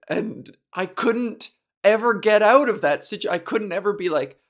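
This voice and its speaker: A man in a casual, animated monologue, laughing often and mimicking others mockingly. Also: high-pitched, normal speed.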